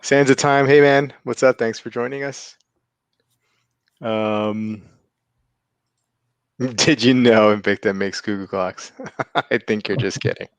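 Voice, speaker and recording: A man's voice: medium pitch, fairly even intonation, slow, long pauses, smooth, no room sound. A man hosting a casual livestream, greeting viewers by name and chuckling often. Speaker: livestream host.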